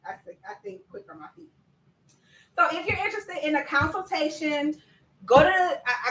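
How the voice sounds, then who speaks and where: A woman coaching viewers in a lively live-stream chat, talking to them directly and laughing often. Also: high voice, reverberant, recorded from a distance, a little hiss or hum, rough recording. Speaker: business coach.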